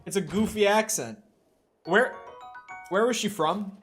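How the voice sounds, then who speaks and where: A man's voice: high-pitched, a little slow. A man with a mild Minnesotan accent, rambling casually to his viewers while streaming a game. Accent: Minnesotan, from the Twin Cities. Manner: rambling, animated, swears casually, chats with viewers. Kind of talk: casual livestream chat while gaming. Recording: faint background game music.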